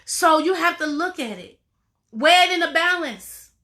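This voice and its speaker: A woman's voice: extremely high pitch, expressive, a little slow, pushed and bright. A woman life coach giving a motivational talk to viewers, emphatic and informal, repeating her phrases and calling listeners y'all and baby.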